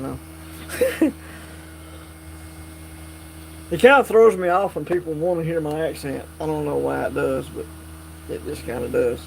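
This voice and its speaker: A man hosting a casual live stream, chatting with viewers in a relaxed, drawling way. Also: on the high side, a little slow, gravelly, pauses often, low-quality recording. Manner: drawling, relaxed, reads and answers chat. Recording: faint mains hum.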